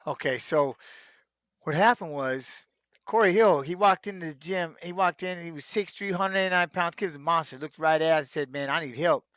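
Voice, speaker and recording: A middle-aged former fighter fields fan questions in a loose, conversational stream. His voice sits a little high for a man, and he livens his stories by acting out shouted lines. The sound is dry and close, with almost no room. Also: a little fast, no echo. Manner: animated storyteller who acts out shouted quotes, peppered with "man". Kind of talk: casual live-stream Q&A.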